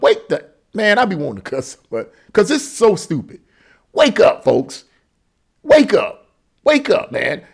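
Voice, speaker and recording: A man's voice: high-pitched, gravelly. A man giving an emphatic, repetitive opinion monologue as a political commentator.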